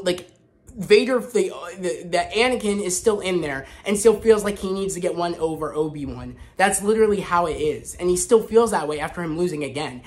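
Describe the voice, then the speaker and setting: A man hosting a casual spoken review vlog, talking in an excited, rambling way with frequent restarts. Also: sits high. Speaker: host.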